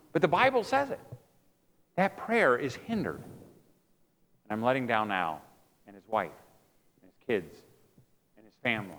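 A man's voice: medium pitch, a bit bright. A man giving a humorous sermon, telling self-mocking stories about family life to a live audience in a hall. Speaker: preacher.

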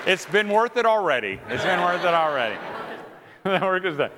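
A middle-aged man giving a humorous sermon to an audience in a large hall, animated and jokey, acting out the voices of the people in his stories. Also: high-pitched, moderate pace, a loud crowd, very noisy. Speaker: speaker at a marriage event. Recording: long hall reverb.

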